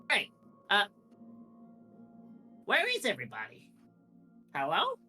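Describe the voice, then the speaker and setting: A man puts on a sleepy young farm lad in a tabletop game. The tone is bright and bouncy, and he mutters to himself as he gets going. Faint music plays underneath. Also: sits high, huge pitch swings, slow pace, pitched above the performer's own voice, exaggerated voice. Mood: drowsy, cheerful. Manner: drowsy, mumbling to himself.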